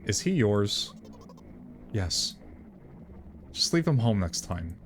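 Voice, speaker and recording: A man voicing a curt, rude store cashier in a visual novel read-aloud, with a flat, dismissive delivery. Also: lowish voice, slow, faint music behind. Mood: cold.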